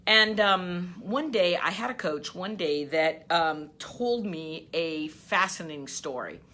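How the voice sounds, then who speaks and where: Lively, bright-voiced woman coach. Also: lowish voice, slow. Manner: animated storyteller, laughs often. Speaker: business coach. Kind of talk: motivational talk to camera.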